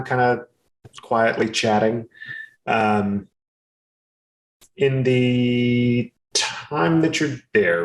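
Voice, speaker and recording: Gravelly man running a tabletop game. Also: mid-range voice, low-quality recording. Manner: halting, filler-heavy narration. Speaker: game master.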